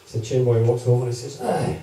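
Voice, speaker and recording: A man's voice: medium pitch, flat delivery, racing, warm tone. A man telling comic stories to a live crowd, chatty and checking in with them. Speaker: storyteller at a gig. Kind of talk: comic storytelling to a live audience. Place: live music gig. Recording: echoey live room, distant mic.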